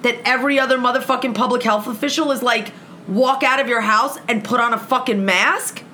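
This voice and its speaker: High, bright-voiced woman ranting profanely. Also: fairly quick, a little hiss or hum. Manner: profane, animated, acts out both sides of an argument. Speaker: guest telling a story. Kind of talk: heated storytelling in casual chat.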